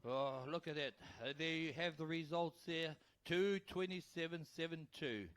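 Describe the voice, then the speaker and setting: A man calling a canoe race live as announcer, excitable and urging the crowd to cheer. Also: a little high, moderate pace, clear, resonant tone. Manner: excitable, urges the crowd, tongue-tied at times. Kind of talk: live sports commentary. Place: outdoor regatta venue.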